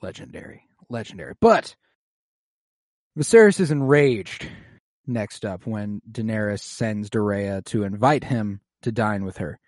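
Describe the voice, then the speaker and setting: A man recapping a show in casual chat, animated and profane, laughing often. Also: fairly low pitch, takes it slowly, no echo.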